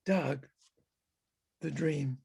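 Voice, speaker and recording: A man reading his own fiction aloud over a video call as a halting, musing first-person character monologue. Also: on the high side, creaky, darkish tone, breathy edge. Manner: halting, musing, talks to animals and people in the scene.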